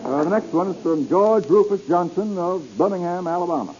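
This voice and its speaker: A man's voice: high-pitched, lively intonation, brisk. Wisecracking man hosting an old radio quiz. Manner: wisecracking, teasing the panel. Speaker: quiz show host. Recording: dull old radio recording with faint hiss.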